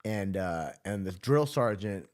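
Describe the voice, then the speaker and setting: Low-voiced man telling a loose, profane story. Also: animated, unhurried. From Southern California. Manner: loose, profane, heavy on filler words. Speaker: podcast guest, former correctional officer. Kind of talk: casual storytelling interview.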